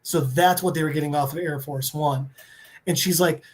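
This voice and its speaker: A man on a podcast, recapping a comic book story with excitement and swearing, briefly voicing the characters. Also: a little high, normal speed. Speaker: podcast co-host.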